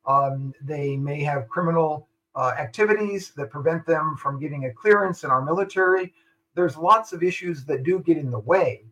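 A man's voice: on the high side, normal speed, a bit bright, highs cut off. An older man, a retired army general, speaking as a guest in a radio interview, making his points firmly and repeating them for stress.

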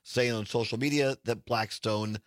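A male radio talk show host with a hoarse, raspy voice, talking in a casual, halting way with frequent restarts. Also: mid-range voice, steady tone, no room sound, clean studio sound.

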